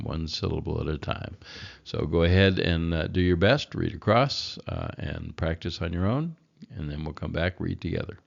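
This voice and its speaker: A man teaching a Hebrew reading lesson, slow and patient, repeating each word for learners. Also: low-pitched, creaky. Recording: dull lo-fi recording.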